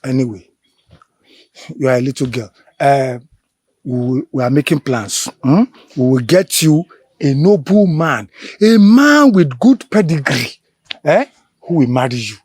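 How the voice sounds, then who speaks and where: A man's voice: mid-range voice, expressive, measured pace, a little mellow, husky, no room sound. An actor with a Yoruba Nigerian accent playing a stern, dismissive father who scolds his daughter. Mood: scolding. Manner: scolding, mixes in Yoruba phrases. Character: stern, dismissive father, a powerful village elder. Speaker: father, village chief.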